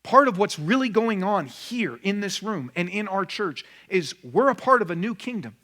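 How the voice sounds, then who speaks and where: A man's voice: sits high, animated, normal speed, pushed and bright. Man preaching a conversational sermon. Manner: conversational preaching with rhetorical questions. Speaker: pastor. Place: church room.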